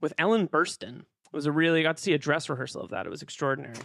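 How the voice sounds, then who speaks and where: A man's voice: on the high side, expressive, rapid-fire, vocal fry, fairly bright tone. A man co-hosting a podcast, chatting in a rambling, jokey way. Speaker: podcast co-host. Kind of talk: casual chat.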